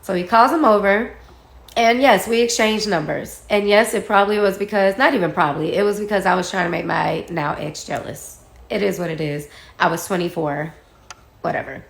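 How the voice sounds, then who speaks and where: Woman guest, casual storyteller, mid-pitched voice, lively delivery, echoey room. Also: fairly quick, gravelly. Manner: animated, acts out quoted dialogue, laughs while telling. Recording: roomy echo.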